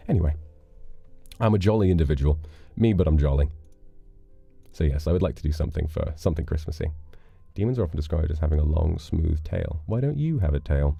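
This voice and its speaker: A man with an extremely deep voice and a dark, mellow tone talks in a relaxed, playful way, reading donations and chatting with viewers. His voice sounds dry and close to the mic, with faint music underneath. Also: a little fast, vocal fry, pauses often, no room sound. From United Kingdom. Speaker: livestream host reading donations. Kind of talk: casual chat.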